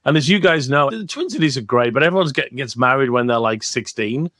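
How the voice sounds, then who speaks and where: A man's voice: medium pitch, animated, fairly quick, fairly bright tone. A man in his fifties from the United Kingdom, a marketing professor guest talking casually, joking and swearing freely. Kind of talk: casual podcast interview.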